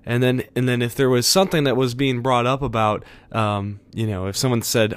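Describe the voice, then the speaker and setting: A man hosting a podcast episode, giving an earnest, conversational devotional talk with soft chuckles. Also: mid-range voice, fairly even intonation, a little fast, hardly any pauses, clear, resonant tone.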